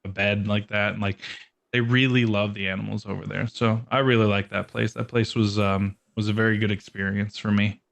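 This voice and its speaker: A man's voice: fairly low pitch, little pitch movement, brisk, gravelly, fairly bright tone. A young man chatting casually on a podcast, loose and rambling, full of "like" fillers, laughing easily. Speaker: guest, metal band musician and dog owner.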